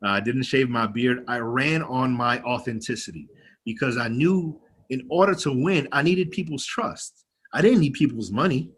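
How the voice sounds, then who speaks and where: A young county legislator with a twang gives an animated, rousing personal speech to an activist group at an online meeting, cursing openly. His medium-pitched voice is a bit bright and husky, and his pace is moderate.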